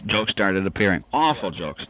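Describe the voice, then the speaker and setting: A man hosting a radio talk show and chatting with his guest through quick follow-up remarks. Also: low-pitched, sing-song, bright, forceful tone. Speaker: radio host.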